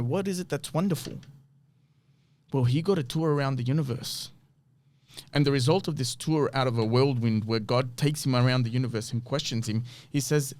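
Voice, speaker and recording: A man's voice: mid-range voice, normal speed, darkish tone. A man hosting a podcast, reading scripture aloud and explaining it earnestly, with frequent rhetorical questions. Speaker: podcast host. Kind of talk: bible teaching talk.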